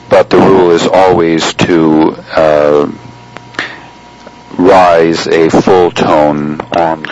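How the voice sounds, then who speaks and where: Deep-voiced guy explaining chant slowly, lots of pauses, teacher vibe. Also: a little hiss or hum, low-quality recording. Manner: measured, explanatory, with frequent pauses. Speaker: chant instructor. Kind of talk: spoken lesson on chant.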